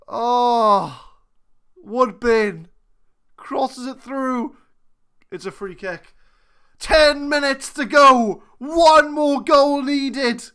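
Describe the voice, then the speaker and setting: A woman running a gaming channel commentates her football management game live, thinking out loud and veering between muttering and shouting. Her voice is high and very slow, with frequent pauses.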